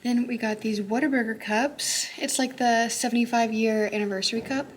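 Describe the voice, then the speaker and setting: A young woman, a high school teacher, chatting casually to her phone camera in a vlog, upbeat and full of "like" and "um". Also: steady tone, moderate pace, slight background noise. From Texas. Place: her car and classroom.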